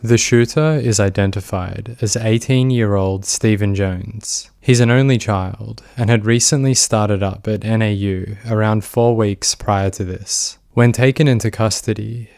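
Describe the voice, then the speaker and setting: A man's voice: lowish voice, fairly even intonation, measured pace, gravelly, few pauses, darkish tone, dry recording, studio quality. A man giving scripted, matter-of-fact narration of a criminal case. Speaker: channel narrator.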